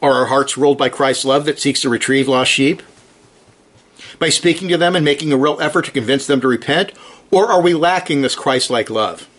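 A man preaching a sermon, earnest and emphatic, driving his points home with short repeated commands and reading scripture slowly with rising stress. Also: medium pitch, fairly bright tone.

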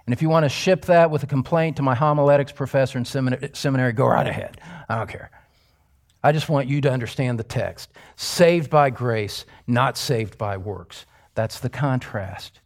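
A middle-aged man preaching a sermon as pastor, emphatic, swinging from loud exclamations to hushed near-whispers. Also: mid-range voice, moderate pace.

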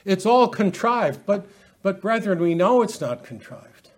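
Man, Bible teacher, earnest and emphatic, frequent restarts, fairly high voice. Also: very animated, measured pace. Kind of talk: Bible study lecture.

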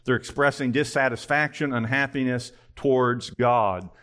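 A man's voice: mid-range voice, steady tone, moderate pace, fairly bright tone. A male pastor preaching an earnest sermon, full of pointed rhetorical questions.

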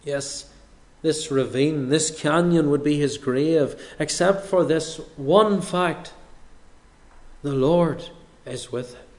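A man delivering a sermon at an unhurried, deliberate pace. His voice sits a little higher than most men's, and he leans on pauses for weight. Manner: slow, measured delivery with dramatic pauses. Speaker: preacher.

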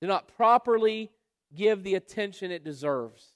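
Male preacher, high voice, emphatic expository style, long hall reverb. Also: expressive. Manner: emphatic, rhetorical questions, drawn-out stresses. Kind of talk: expository Bible sermon.

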